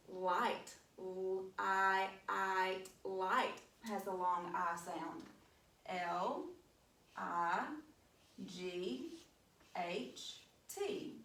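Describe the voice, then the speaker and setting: A woman teaching a phonics lesson, sounding out letters in a slow, encouraging way. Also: medium pitch, a bit bright. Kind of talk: mock phonics lesson to an imagined class. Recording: echoey room, voice from a distance.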